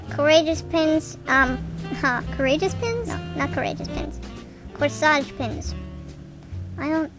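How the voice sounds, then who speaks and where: Woman doing a muddled mumbling actor giving a tutorial; high-ish voice. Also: rough recording. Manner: rambling, unsure, trailing off. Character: mumbling impression of a famous male actor. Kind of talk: improvised radio comedy.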